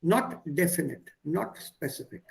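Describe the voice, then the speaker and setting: A man teaching a German class on a video call, explaining grammar in an animated way. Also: a little high, measured pace, creaky. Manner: animated, explaining, switching between English and German. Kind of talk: online language lesson.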